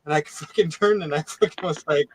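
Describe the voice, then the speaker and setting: A man's voice: a little high, fairly quick, a little hiss or hum, poor audio. A man chatting as a guest on a livestream, telling rambling stories full of swearing. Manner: rambling storyteller, swears a lot. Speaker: stream guest. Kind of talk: casual chat.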